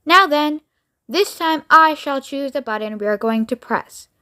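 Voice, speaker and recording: A giddy, eccentric male candy maker gushes in quick bursts of delight, as a woman puts him on. The voice sits high and bright, bubbling over with excitement in a storybook read-aloud. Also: heavily acted. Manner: bubbly, rapid, exclamatory.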